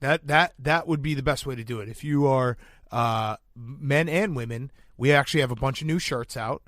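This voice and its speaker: A man's voice: medium pitch, normal speed, fairly bright tone, no echo, clean studio sound. A man co-hosting a sports podcast, talking loosely and animatedly with lots of restarts and casual swearing. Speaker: podcast host.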